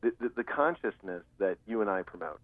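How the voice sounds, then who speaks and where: A man co-hosts a radio talk show while calling in from outside, chiming in often with agreement. His voice sits on the low side and sounds dry. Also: animated, brisk, no echo, narrow, tinny audio. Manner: affirming, chiming in. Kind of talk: casual talk show chat.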